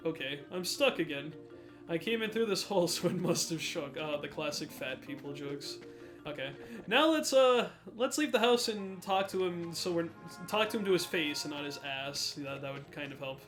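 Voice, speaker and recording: A man's voice: on the high side, a little fast, a bit bright, faint music behind. Sarcastic young man commenting on gameplay. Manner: sarcastic and joking. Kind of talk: let's play commentary.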